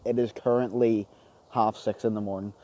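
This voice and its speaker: A man's voice: on the low side, little pitch movement, normal speed, warm tone, a little hiss or hum, rough recording. A man hosting a vlog, talking casually to camera outdoors in a forest before dawn and swearing freely. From United Kingdom. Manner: swears freely, rambling and matter-of-fact. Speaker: vlogger host.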